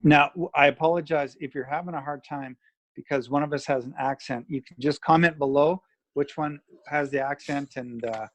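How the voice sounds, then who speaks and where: A man's voice: on the high side, steady tone, normal speed, no room sound. A man from Canada co-hosting a casual chat in an easygoing, reflective way. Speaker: podcast co-host.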